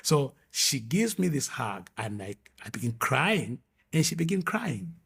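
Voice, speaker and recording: Husky guy telling his testimony, earnest, keeps restarting sentences. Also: mid-range voice, sing-song, a bit bright. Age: 20s or older, adult. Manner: earnest, halting storytelling with repeated restarts. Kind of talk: emotional personal testimony.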